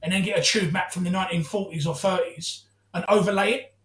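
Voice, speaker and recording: A co-host talks quickly in easygoing podcast chat, throwing themselves into every anecdote by acting out the voices. The room around them rings with a noticeable echo. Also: mid-range voice. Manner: animated storyteller who acts out quotes. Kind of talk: casual chat. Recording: echoey room.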